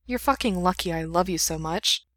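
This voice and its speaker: A woman's voice: on the low side, normal speed, a bit bright, dry recording, lightly acted. A worried young man, tender and exasperated with his younger brother, voiced by a woman reading a story. His lines rise a little above the narration, and the sound is close and dry.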